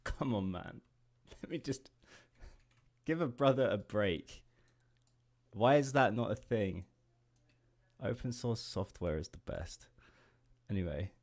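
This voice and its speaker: A man's voice: fairly low pitch, animated, slow pace, long pauses, a little mellow. An English man in his late twenties, an indie game developer chatting casually on a livestream while drawing, rambling, easily distracted, laughing often and swearing casually. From England. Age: late 20s.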